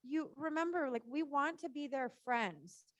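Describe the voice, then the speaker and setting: High-voiced woman coaching a riding lesson. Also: animated, a little slow, fairly bright tone, no echo. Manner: encouraging, chatty, frequent "right?" and "good". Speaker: riding instructor.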